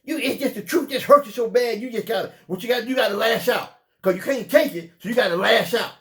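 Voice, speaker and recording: A man with a Southern US accent preaching an impassioned sermon, emphatic and repetitive, sometimes breaking into shouts. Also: very high voice, fast talker. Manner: fiery, emphatic, repeats phrases, bursts into shouts.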